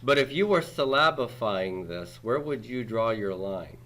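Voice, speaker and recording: Bright-voiced man lecturing in a classroom. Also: medium pitch, animated, unhurried. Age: 40s. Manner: patient, checks in with "okay?" and "right?" constantly. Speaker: Greek teacher.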